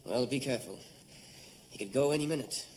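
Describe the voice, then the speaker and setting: An actor playing a cautious doctor giving a quick warning. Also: male voice, mid-range voice, a little mellow, close to an everyday voice. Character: brisk, cautious male doctor. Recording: noisy studio recording from off-mic.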